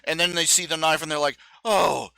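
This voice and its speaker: A man's voice: on the high side, flat delivery, fast, bright, forceful tone, clean tone, no echo, studio quality. A man talking casually on his live stream, rambling with many fillers and restarts and acting out the quotes he tells. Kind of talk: casual solo commentary.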